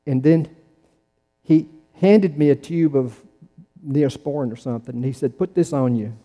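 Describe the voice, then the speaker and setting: Male preacher, sermon, mellow tone, halting delivery, long hall reverb. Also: medium pitch, lo-fi sound. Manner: halting, many restarts and fillers. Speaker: pastor.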